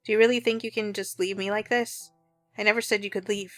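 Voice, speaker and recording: A woman's voice: mid-range voice, fairly even intonation, quick pace, a bit bright, faint music behind. A woman playing through a visual novel, reading the first-person narration aloud in an earnest, heartfelt way. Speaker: let's play narrator.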